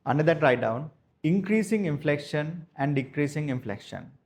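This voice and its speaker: A man from Sri Lanka, teaching a maths class slowly and repeating each phrase so students can write it down. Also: fairly high pitch, animated, darkish tone. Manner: slow, repeats each phrase for note-taking, spells words out. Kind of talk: dictated classroom lesson.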